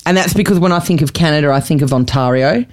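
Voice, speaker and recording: A woman's voice: low-pitched, quick pace. A woman, a guest on a comedy podcast, playful and teasing with lots of laughter.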